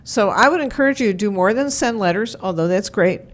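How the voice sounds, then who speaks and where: A woman's voice: mid-range voice, expressive, fairly quick. Woman urging the council to act. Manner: urging, earnest. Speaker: public commenter. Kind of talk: public comment at a council meeting.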